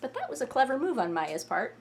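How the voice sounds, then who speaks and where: A woman talks through anime scenes in a relaxed, chatty way, with a dry, wry edge. Her voice sits a little on the high side. She now and then breaks into a little performance of the replies she is quoting. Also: fairly quick, faint music behind. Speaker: host explaining Japanese in anime scenes. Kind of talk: casual explanatory commentary.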